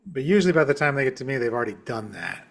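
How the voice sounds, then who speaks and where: Guy hosting a chill podcast, calm and measured, lays points out one by one. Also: medium pitch, creaky. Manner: measured, affirming, builds points step by step. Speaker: podcast host and shamanic practitioner. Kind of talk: casual podcast conversation.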